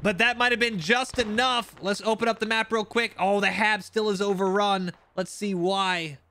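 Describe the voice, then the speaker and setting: A man commentating recorded shooter gameplay, excitable and quick to react, with wry asides. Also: high-pitched, a little hiss or hum. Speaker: gaming channel host.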